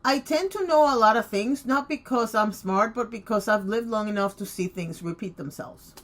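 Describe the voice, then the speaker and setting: A woman's voice: on the high side, moderate pace. A woman in her late fifties hosting her own channel, talking to camera in an emphatic, outspoken way. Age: 50s. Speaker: vlogger. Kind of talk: casual opinion talk to camera.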